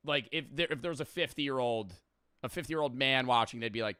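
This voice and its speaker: Bright-voiced young streamer reacting casually. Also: male voice, mid-range voice, moderate pace, clear, resonant tone, dry recording. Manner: laughing, rambling, swears casually.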